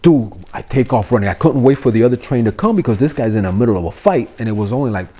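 Man, middle-aged, from Miami, casual podcast storytelling, very lively pitch, swears, acts out voices. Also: fast. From Miami, of Cuban family. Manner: animated, swearing, acts out the voices in his stories. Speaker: podcast guest, actor.

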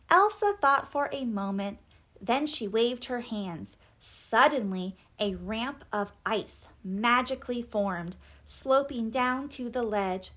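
A woman reading a children's storybook aloud, with a lively, melodic delivery. Her voice sits fairly high and she narrates with an expressive, animated manner. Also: slow. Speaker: storybook reader.

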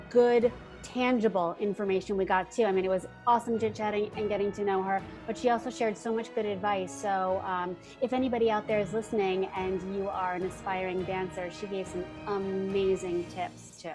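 A woman's voice: medium pitch, fairly even intonation, normal speed, hardly any pauses, over music. A woman co-hosting a podcast, enthusiastic and effusive in casual video-call talk. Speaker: podcast co-host.

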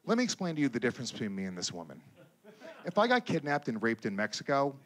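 A man performing a stand-up comedy set on stage, telling a crude story in an animated way and breaking into loud impressions. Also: mid-range voice, fast. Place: comedy stage before a live audience.

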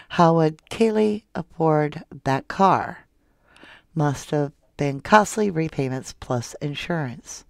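A soft-spoken woman hosting a true crime livestream, reading viewer comments aloud and calling her viewers love and honey. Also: low-pitched, lively intonation, slow, gravelly, no echo, studio quality. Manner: affectionate toward viewers, calls them love and honey. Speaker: true crime channel host.

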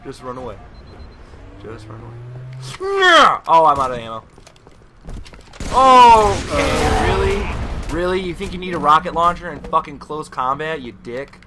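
Young male gamer, slightly high voice, yells and cusses at the screen over loud game audio. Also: a little fast, background noise. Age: student. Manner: excitable, yelps and shouts at the game, swears. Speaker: gaming commentator. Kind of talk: casual live gameplay commentary. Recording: loud game sound under the voice. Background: shooter game sounds and gunfire.

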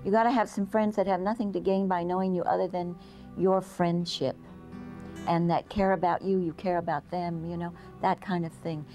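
A woman with a fairly low voice reflects earnestly in an interview. She speaks sincerely and plainly. Soft music plays faintly behind her. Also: steady tone, normal speed.

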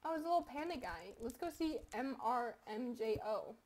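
A young woman with a high voice chatters loosely over a game she is playing, giggling and swearing as she mocks herself. She sounds like a teenager talking into a desk mic at home. A faint hiss sits under her voice. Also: expressive, moderate pace, a little mellow. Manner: rambling, swearing, giggly, self-mocking. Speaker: gaming YouTuber. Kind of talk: casual gaming commentary.

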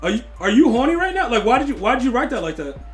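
Male game streamer with a high voice; loud, profane reactions and joking back-and-forth with viewers. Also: very fast, faint music behind. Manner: excitable, swears, loud outbursts at the game; teasing banter with chat. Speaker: gaming streamer.

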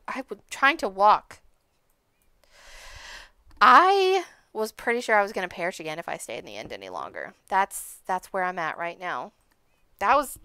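A bright, clear-toned woman talks her way through a Minecraft session. Her pitch swings widely, jumping to sharp high yelps whenever something startles her. The chatter stays casual and playful throughout. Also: no room sound, clean studio sound. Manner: chatty, talks to herself and chat while playing. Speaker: Minecraft streamer. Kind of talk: casual gaming commentary.

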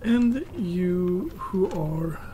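A woman's voice: on the low side, expressive, very slow, dark tone, slight background noise. A woman giving casual gameplay commentary, muttering to herself and chatting to her tamed pets as she plays.

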